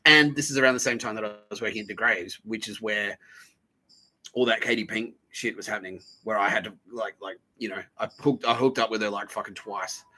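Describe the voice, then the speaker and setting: A young man with a bright, edgy voice and a husky grain, talking off the cuff. He swears freely, laughs at his own stories, and tosses in quick mimicked lines. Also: fairly low pitch. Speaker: podcast host. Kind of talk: casual storytelling monologue.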